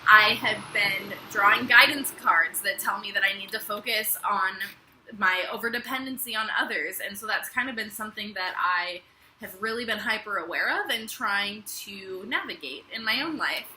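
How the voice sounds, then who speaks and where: A young woman tells a personal story straight to the camera, chatty and animated and full of little fillers. Her voice is very bright and sharp, and the room gives it a noticeable echo. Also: mid-range voice, normal speed, a little hiss or hum. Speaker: vlogger. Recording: echoey room.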